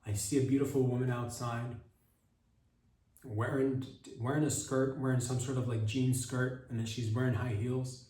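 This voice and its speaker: A man's voice: medium pitch, little pitch movement, normal speed, dark tone, reverberant, distant mic, low-quality recording. A young man hosting a comedy podcast, riffing in a rambling, profane monologue full of mock outrage. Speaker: podcast host.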